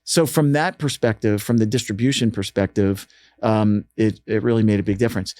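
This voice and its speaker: Animated male storyteller, dry studio. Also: fairly low pitch, a little fast, no room sound. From United States. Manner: animated storyteller, acts out quoted voices. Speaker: radio programming manager, interview guest. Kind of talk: casual storytelling interview.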